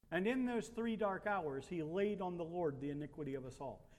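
A man with a high voice preaches a sermon, posing rhetorical questions and building emphasis. His voice rings with a long reverb, as if in a large hall. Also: moderate pace, hardly any pauses, darkish tone.

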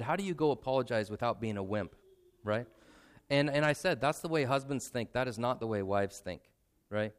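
Smooth-voiced man preaching conversationally. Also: medium pitch. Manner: conversational, self-deprecating, slows for emphasis. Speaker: pastor. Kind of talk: sermon.

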